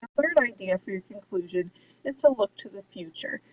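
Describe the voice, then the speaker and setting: With lively intonation at normal speed and medium pitch, a woman teaches essay writing in a recorded lesson, explaining steadily but often saying um and uh. The distant mic sounds dull and carries a faint hiss.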